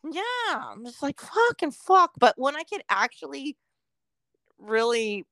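A woman's voice: fairly high pitch, lively intonation, measured pace, fairly bright tone, dry recording. A middle-aged woman co-hosting a podcast, chatting casually, swearing constantly and laughing as she acts out quotes. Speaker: podcast co-host. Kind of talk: casual chat.

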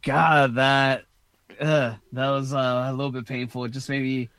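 A man with a mid-pitched voice talking casually on a podcast. He stays relaxed and agreeable, and his voice is dry and close with no room sound. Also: a little slow, clear, resonant tone, no room sound. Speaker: podcast co-host. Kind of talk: casual chat.

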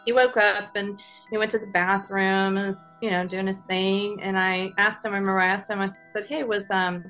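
A woman recounting a painful personal story as a guest, halting with many fillers and restarts. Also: mid-range voice, little pitch movement, a bit bright, lo-fi sound, faint music behind.

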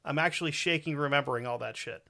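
Bright-voiced man, crude and joking. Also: on the high side, quick pace, gravelly. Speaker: podcast host reading a listener's story. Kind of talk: casual podcast chat.

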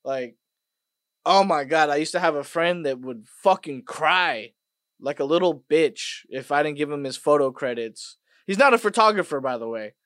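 A man hosting a podcast, ranting casually and profanely, dropping to mutters and then bursting out loud. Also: a little high, lively intonation, moderate pace, dry recording, studio quality. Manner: profane, swings between mutters and loud outbursts. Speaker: podcast host. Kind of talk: casual rant monologue.

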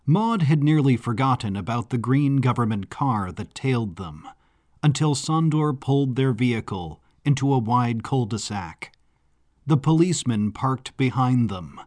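A man narrating a story in a measured, descriptive way. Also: mid-range voice, a little mellow. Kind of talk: scripted audiobook narration. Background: faint background music.

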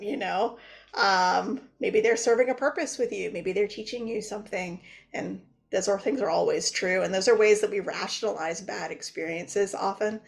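A woman talks as a podcast guest, explaining at an unhurried pace with many pauses and fillers. Her voice sits in a middle range for a woman. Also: mid-range voice, creaky. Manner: thoughtful, with frequent "um" pauses. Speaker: guest, spiritual practitioner. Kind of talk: casual podcast conversation.

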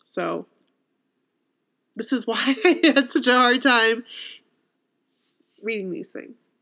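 A woman's voice: a little high, expressive, slow, creaky, a bit bright. Teary, sniffling woman reading aloud. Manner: emotional, sniffling, laughing through tears. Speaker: podcast co-host reading listener stories. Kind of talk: casual chat and reading aloud.

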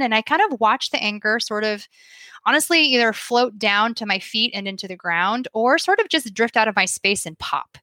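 A woman's voice: fairly high pitch, animated, normal speed, sharp tone, no echo. A woman speaking candidly and thoughtfully in a casual monologue, with frequent fillers, sharing a personal practice as a mother.

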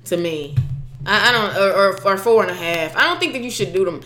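A woman in her twenties co-hosting a casual chat, animated and playful, often acting out what others said. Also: mid-range voice, fairly quick, reverberant, slight background noise. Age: 20s.

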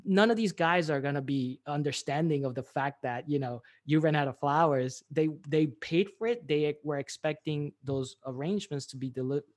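A man's voice: fairly high pitch, moderate pace, few pauses. A man being interviewed, telling a story animatedly with many fillers and restarts. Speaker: guest, business owner.

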